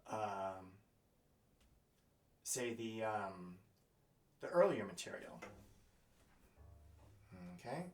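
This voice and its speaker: A man teaching double bass, thinking aloud in a halting way with fillers and scatting rhythms as he plays. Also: big pitch swings, soft background music. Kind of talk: music lesson, thinking aloud while playing. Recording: roomy, mic at a distance. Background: double bass playing.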